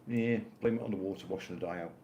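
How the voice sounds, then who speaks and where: Older man, low pitch, deadpan co-host, echoey home setup. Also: racing. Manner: dry, teasing banter. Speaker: co-host of live stream. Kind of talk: casual live stream chat. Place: home in Spain. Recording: roomy with faint noise.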